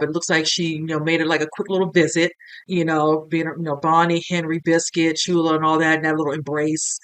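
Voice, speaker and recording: A man's voice: on the high side, a bit bright. A man talking earnestly through a casual reaction commentary on a TV episode, emotional and full of filler phrases. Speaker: reaction video host.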